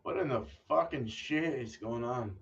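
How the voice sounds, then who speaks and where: A casual homebrewer man talks through his choices, distracted and swearing now and then as he thinks aloud. He sits a bit back from a dull, lo-fi microphone. His voice is middle-pitched. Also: unhurried, vocal fry. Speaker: homebrewer and channel host. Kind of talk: casual rambling vlog talk. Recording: dull lo-fi audio from a distance.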